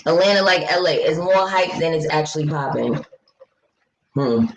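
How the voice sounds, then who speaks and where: A low-pitched woman's voice comes through over background noise. She's a New York vlogger and mom of young kids, casually talking on a livestream and reading out what viewers comment. Her fast, animated rants are blunt, outspoken and frequently profane.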